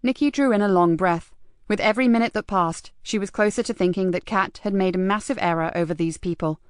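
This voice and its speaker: Narradora de audiolibro policíaco, lectura serena, tono medio, micrófono cercano. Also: female voice, medium pitch, fairly quick, clean tone, dry recording, clean studio sound. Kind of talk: scripted narration.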